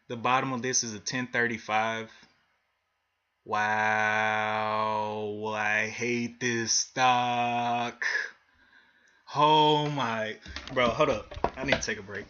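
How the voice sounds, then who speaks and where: Bright-voiced man streaming day trades. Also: mid-range voice, highs cut off. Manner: frustrated, thinking aloud while watching charts. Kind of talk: live trading commentary.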